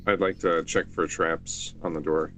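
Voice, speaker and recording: Give me a deep-voiced man calmly declaring his moves in a tabletop game. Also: measured pace, slight background noise. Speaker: player.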